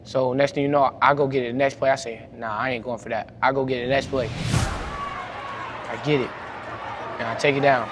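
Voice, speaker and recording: A young man, telling a story about a high school basketball game in casual talk, growing loud when he replays arguments. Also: normal speed, long pauses. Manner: animated, gets louder retelling arguments. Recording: faint background noise.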